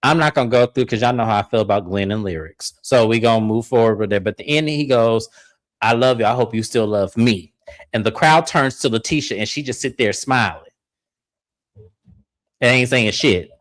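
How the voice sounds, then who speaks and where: Speaking fairly quickly with a fairly bright tone on a dry recording, a man co-hosts a reality TV recap. He relays the story in easygoing chat, punctuated by high-pitched cast impressions.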